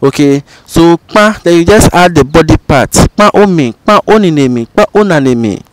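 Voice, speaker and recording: A man with a Ghanaian accent teaching a language lesson, saying each phrase slowly and repeating it several times. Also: fairly high pitch, expressive, no room sound.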